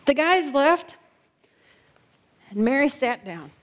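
A woman preacher telling a story in a sermon, slowing down and dropping her voice soft for emphasis. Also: sits high, very animated.

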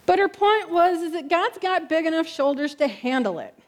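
A woman pastor delivers a heartfelt sermon in a church. Her voice sits high, and she leans on repeated words and asks "right?" to pull the room in. On tender lines she slows down and goes quiet. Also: lively intonation. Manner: drops soft and slow on emotional lines.

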